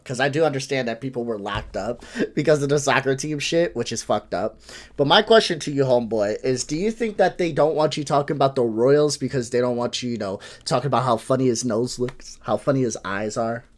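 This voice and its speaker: A man's voice: medium pitch, fairly quick. A man hosting a reaction video, ranting in a frustrated, profane, lecturing way. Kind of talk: ranting commentary.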